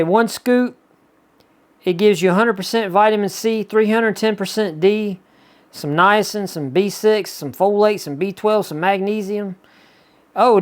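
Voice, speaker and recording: Chatty Southern man unboxing on camera. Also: high-pitched. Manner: chatty, excitable, rambling with frequent asides. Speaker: YouTuber reviewing subscription boxes. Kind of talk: casual unboxing vlog.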